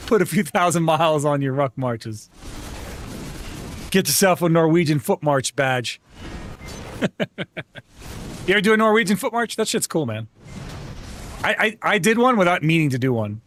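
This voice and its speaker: A man's voice: fairly high pitch, lively intonation, normal speed, long pauses, fairly bright tone, slight background noise. A young man streaming live, chatting casually with viewers and telling joking stories, with some swearing. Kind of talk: casual chat with livestream viewers.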